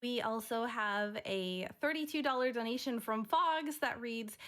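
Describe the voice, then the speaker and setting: A woman's voice: on the high side, a little slow, fairly bright tone. A woman hosting a charity stream, reading out donation messages in an upbeat way. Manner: upbeat, reads messages aloud. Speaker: marathon host.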